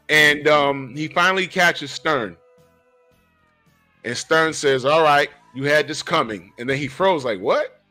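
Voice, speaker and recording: A man's voice: fairly high pitch, sharp tone. A man hosting a casual podcast, animatedly retelling a movie plot with sudden jumps in voice. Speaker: podcast host. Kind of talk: casual movie recap chat.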